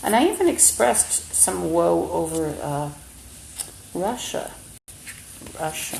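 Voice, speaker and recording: A woman's voice: fairly low pitch, expressive, measured pace, creaky, pauses often. A woman talking into a phone on a livestream in an agitated, rambling monologue, swearing often. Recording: roomy echo, faint background hum.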